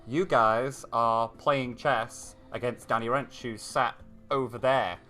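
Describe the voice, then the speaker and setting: A man's voice: mid-range voice, fairly even intonation, takes it slowly, bright, forceful tone, faint music behind. A British man hosting a live chess stream, talking with many hesitant ums. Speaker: stream host.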